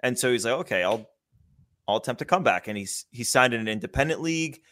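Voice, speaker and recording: A man's voice: medium pitch, expressive, fast, a bit bright. A man casually chatting about baseball as a podcast host, enthusiastic and loose, with the odd swear. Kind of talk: casual sports chat.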